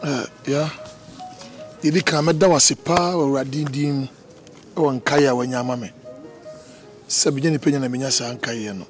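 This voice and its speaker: A man's voice: mid-range voice, fairly even intonation, moderate pace, long pauses, soft background music, lightly acted. A man with a Ghanaian accent playing a desperate man who begs his partner to stay, pleading emotionally and mixing Twi and English. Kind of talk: film acting. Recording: faint film score underneath.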